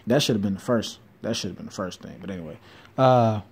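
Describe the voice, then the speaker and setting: A man giving an informal bible teaching, reading verses slowly and then explaining them with quick asides and self-corrections. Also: lowish voice, slightly rough. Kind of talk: informal scripture teaching video.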